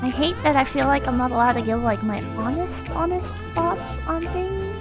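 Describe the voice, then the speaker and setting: A woman's voice: high voice, moderate pace, music in the background. A young woman streamer chatting casually and ranting, swearing and mock-quoting people. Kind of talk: casual livestream chat.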